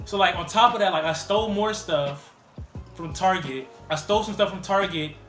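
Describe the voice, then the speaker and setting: A man's voice: high voice, moderate pace, roomy sound, over music. A man vlogging a casual storytime, rambling and full of "like" fillers. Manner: rambling, heavy use of "like" fillers.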